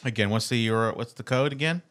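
A man co-hosting a podcast, teasing the others with quick one-liners. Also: mid-range voice, a bit bright. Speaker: podcast co-host. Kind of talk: casual chat.

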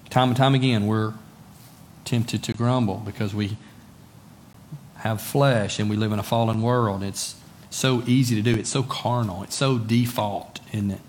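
In a mid-range voice, a pastor preaches conversationally, regularly asking his audience rhetorical questions and repeating words for emphasis.

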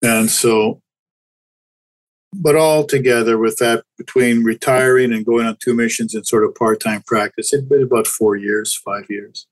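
A man's voice: medium pitch, fairly even intonation, a little slow, low-quality recording. An older man, a chiropractor guest, talking candidly and reflectively in a casual interview, often restarting his sentences. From Canada.

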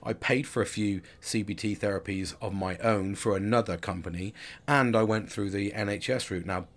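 A man's voice: lowish voice, steady tone, normal speed. A man in his forties talking candidly in a rambling personal monologue, with frequent restarts and casual swearing. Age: 40s.

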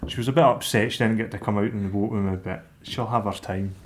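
A middle-aged Scottish man, a lifeboat volunteer, recounting a rescue in a plain-spoken, halting way. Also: fairly low pitch, very noisy. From Scotland. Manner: plain-spoken, hesitant with fillers, animated when acting out scenes.

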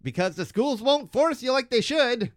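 A man imitating a preachy, cheerful male cartoon neighbor in a slow, sing-song way. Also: very high-pitched, animated, no room sound, clean studio sound, pitched above the performer's own voice.

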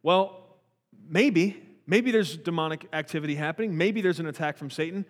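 An earnest man leads a relaxed Bible teaching in a voice pitched a touch high. He talks in loose, restarting sentences and fires off rhetorical questions. A long reverb trails behind each phrase. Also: normal speed.

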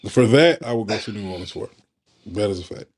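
A man's voice: on the low side, animated, brisk. A man, co-hosting a podcast in casual, joking chat. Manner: laughing, joking banter. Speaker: podcast co-host. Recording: noisy background.

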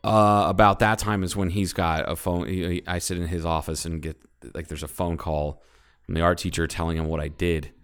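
Deep-voiced man telling a profane story. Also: a little fast, smooth. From Ohio, United States. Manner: profane, animated storytelling with frequent restarts. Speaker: podcast co-host. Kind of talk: casual storytelling chat.

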